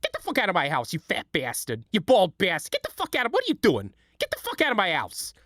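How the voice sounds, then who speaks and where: A man on a livestream doing a comic impression of a furious, loudmouthed middle-aged woman who screams insults and profanity. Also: sits high, wildly swooping pitch, quick pace, no room sound, studio quality, pitched below the performer's own voice, exaggerated voice. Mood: enraged.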